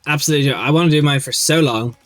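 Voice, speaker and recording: A man's voice: a little high, rapid-fire, fairly bright tone, no echo. A young man hosting a casual livestream as game master, rambling and upbeat with many restarts. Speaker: stream host and game master.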